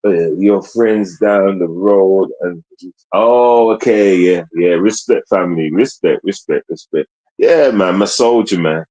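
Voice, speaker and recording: A man's voice: sits low, measured pace, warm tone, dry recording, highs cut off. A man livestreaming in a rambling, casual way, full of street slang and constant tag questions. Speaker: streamer. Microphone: streaming mic.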